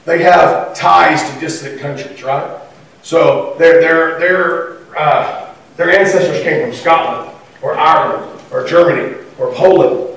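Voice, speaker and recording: A man preaching a sermon in a conversational, animated way, acting out the voices he quotes. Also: sits high. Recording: echoey room from far off.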